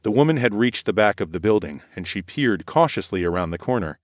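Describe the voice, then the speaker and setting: A man reading a first-person story as an audiobook narrator, in a measured storytelling manner. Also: fairly low pitch, animated, dry recording, studio quality.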